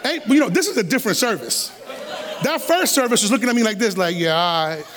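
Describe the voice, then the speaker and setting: A middle-aged man preaching a sermon as a guest preacher, animated and streetwise, acting out quotes with humor. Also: extremely high pitch, quick pace, in a large hall, a crowd in the background. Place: church sanctuary.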